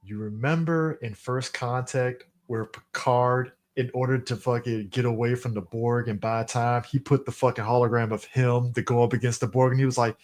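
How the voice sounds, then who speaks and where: A man co-hosting a podcast, excitedly retelling movie scenes with lots of swearing. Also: medium pitch, normal speed, hardly any pauses. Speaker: podcast co-host. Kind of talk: casual chat.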